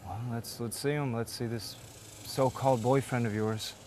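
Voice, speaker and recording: A man's voice: medium pitch, steady tone, moderate pace, a little mellow, a little hiss or hum, close to an everyday voice. A young man acting a shy small-town boy in a film, talking nervously and stumbling over his words. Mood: puzzled. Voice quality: nervous, stammering, with laughs between words. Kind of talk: film dialogue.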